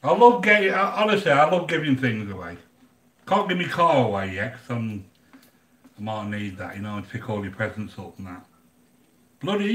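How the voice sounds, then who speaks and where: An older Englishman with a fairly high, slightly bright voice hosts a live cooking channel, chatting with viewers in a casual, blunt way while grumbling and joking. The sound is roomy.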